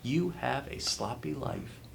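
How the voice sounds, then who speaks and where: A man takes it slowly as a guest author in an interview, his medium-pitched voice animated and creaky. He offers emphatic motivational advice, repeating phrases for effect, and slight background noise is audible.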